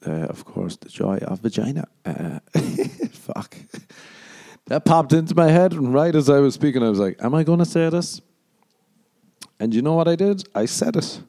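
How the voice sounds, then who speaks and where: Male podcast host, lowish mellow voice, dry sweary comic rambling, mocking put-on voices. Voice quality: sweary, sardonic. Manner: acts out other people in higher mocking voices. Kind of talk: rambling comedic monologue.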